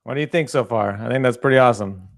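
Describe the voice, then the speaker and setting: A man hosting a live software demo in a relaxed, chatty way, with plenty of fillers. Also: medium pitch, very fast, no echo, clean studio sound. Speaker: host presenting a product demo. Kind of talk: casual live demo talk.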